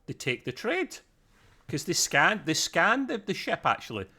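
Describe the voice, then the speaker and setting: Excitable man recapping an episode. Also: high voice, moderate pace, breathy edge. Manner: excitable, laughs often while recapping. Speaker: podcast host. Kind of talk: casual episode review chat.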